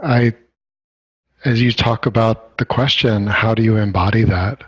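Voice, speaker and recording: A man facilitating a workshop, reflecting back what he heard in a slow, thoughtful, gentle way. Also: fairly low pitch, fairly even intonation, slightly rough, no echo, lo-fi sound. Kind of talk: reflective listening.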